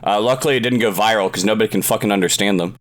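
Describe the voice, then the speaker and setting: A man's voice: fairly low pitch, rapid-fire, noisy background. A young man co-hosting a podcast over a call, joking and laughing a lot, swearing casually. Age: young adult. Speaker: podcast co-host. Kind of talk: casual chat. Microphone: remote call.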